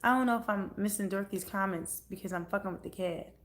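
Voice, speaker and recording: A woman's voice: medium pitch, quick pace. A woman chatting casually on a livestream, blunt and profane. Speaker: livestream host.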